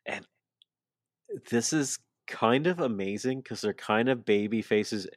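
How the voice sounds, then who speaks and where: A man's voice: lowish voice, measured pace, dry recording, studio quality. A man co-hosting a podcast, casually recapping a wrestling segment and loosely acting out the quotes. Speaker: podcast co-host.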